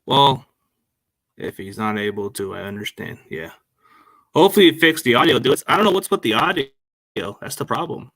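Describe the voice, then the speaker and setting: A man's voice: mid-range voice, expressive, moderate pace, long pauses, a bit bright, no room sound. A man hosting a sports podcast on a laptop mic, chatting casually and rambling in slang. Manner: rambling, slangy, addresses listeners as man and dude. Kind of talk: casual chat. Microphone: laptop microphone.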